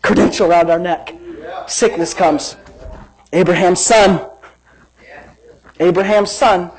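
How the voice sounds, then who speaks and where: A man preaching a sermon, telling a story with laughter and shouted emphasis. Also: high voice, steady tone, slow pace, poor audio.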